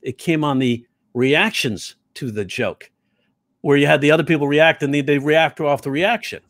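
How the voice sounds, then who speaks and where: A man who teaches comedy telling stories in an interview, animated and slipping into quoted voices. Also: on the high side, normal speed, no room sound. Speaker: comedy teacher and stand-up comic. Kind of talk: storytelling interview talk.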